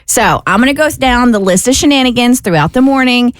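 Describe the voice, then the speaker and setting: Female radio co-host, bright lively delivery, dry close mic, playful game-show tone. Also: a little high, brisk, dry recording. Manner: playful, explaining game rules. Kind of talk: morning radio banter.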